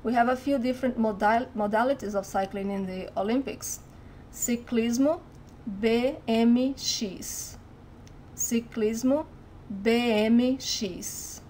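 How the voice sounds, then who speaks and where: A woman with a Brazilian accent teaching a language lesson, saying each word slowly and carefully and then repeating it. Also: on the high side, fairly even intonation, darkish tone, slight background noise.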